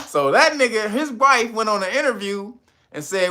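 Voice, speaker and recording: Animated high-pitched man riffing with laughter. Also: a little fast. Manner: animated, profane, laughs often between lines. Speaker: channel host. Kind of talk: casual comedic commentary. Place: California.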